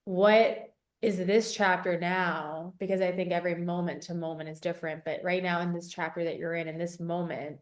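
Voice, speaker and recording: A woman hosts an interview podcast with a slightly low voice. She asks her questions in a reflective, empathetic way, with a steady scatter of casual fillers. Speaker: podcast host.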